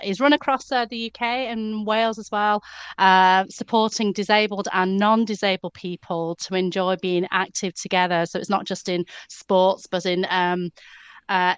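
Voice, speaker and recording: A woman co-hosting a podcast in casual chat, hesitant and full of pauses. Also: mid-range voice, a bit bright, clear, resonant tone, no room sound. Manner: hesitant, full of ums and uhs. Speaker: podcast co-host.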